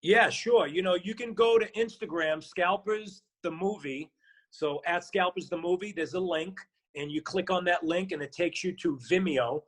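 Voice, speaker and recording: A man with a Boston accent, a guest on a podcast, telling casual stories full of swearing and acted-out quotes. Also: on the high side. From South Boston. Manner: swearing, acts out quoted voices in anecdotes. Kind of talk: casual storytelling chat.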